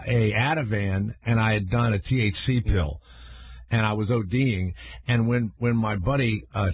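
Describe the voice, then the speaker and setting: An older man hosting a radio talk show, telling personal stories in a casual, animated way and jumping into high-pitched excited voices when he acts out scenes. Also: breathy edge, no room sound.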